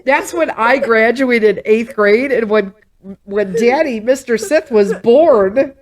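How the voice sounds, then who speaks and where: A middle-aged woman hosts a podcast, chatting casually in a slow, somewhat high voice. She is warm and laughs often, teasing in a motherly way.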